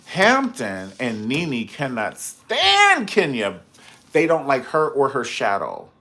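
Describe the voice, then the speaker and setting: Man, live-stream gossip reviewer: sassy, theatrical, very expressive pitch, chats with the audience between takes. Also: slow pace. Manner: sassy, dramatic and gossipy, full of slang asides; chats with viewers in the live comments. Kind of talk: casual live-stream commentary.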